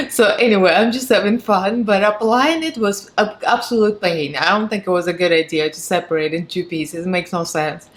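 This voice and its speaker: A beauty vlogger with a Russian accent gives a product review in an expressive, medium-pitched voice at normal speed. She's chatty, frank and sarcastic, and laughs often.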